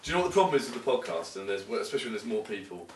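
A man in casual podcast chat, rambling quickly about a complaint. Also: lowish voice, very animated, reverberant, distant mic, a little hiss or hum.

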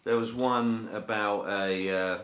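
A man's voice: on the low side, fairly even intonation, slow, a bit bright. A man chatting casually on a podcast, laid-back, swearing and trailing off with ums. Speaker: podcast co-host. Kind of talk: casual chat.

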